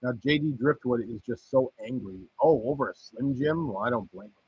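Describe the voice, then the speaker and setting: Reacting to wrestling results, the man hosting this podcast rambles casually, cracking jokes and cursing. His voice is husky and medium-pitched, a little fast, and the recording sounds dull.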